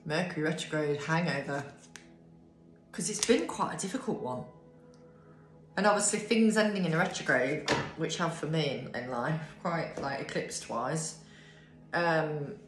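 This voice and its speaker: Sleepy, low-voiced woman reading tarot. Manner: sleepy, yawning, swears casually. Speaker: tarot reader. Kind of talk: casual tarot reading to camera. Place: bright room at home, indoors. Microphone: camera on a desk with ring light. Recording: echoey room with faint music.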